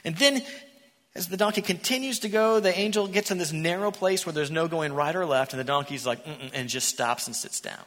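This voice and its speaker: A man preaching a sermon in a church, an animated storyteller who acts out the characters. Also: high-pitched, a little fast. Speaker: pastor. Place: church sanctuary. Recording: echoey church hall.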